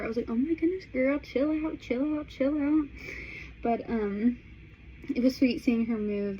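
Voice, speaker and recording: A woman's voice: fairly high pitch, muffled recording, a little hiss or hum. A young woman telling a story to her vlog audience in a chatty way, with "like" in nearly every phrase. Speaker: vlogger. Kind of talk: casual storytime chat.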